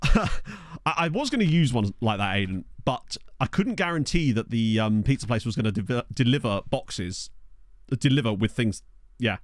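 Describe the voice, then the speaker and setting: At a moderate pace, a streamer playing a football management game chats casually with his live viewers from a small bedroom. He's animated, rambling through stories and laughing often, with a pitch that bounces around a lot. His desk USB mic sits close and sounds dry, without room echo.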